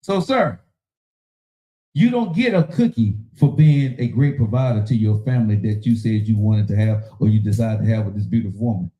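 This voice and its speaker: A man's voice: lowish voice, animated, normal speed, mellow, roomy sound, poor audio. A man hosting a casual relationship talk show, preaching in an emphatic, slangy way. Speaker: podcast host.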